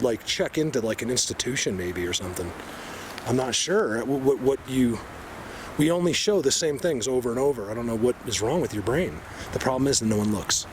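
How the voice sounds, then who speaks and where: A man vlogging as he walks through a forest, rambling excitedly and sometimes dropping to a hushed voice. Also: mid-range voice. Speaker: bigfoot researcher vlogger. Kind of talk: casual walking vlog. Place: outdoors in a forest. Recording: outdoor ambient noise.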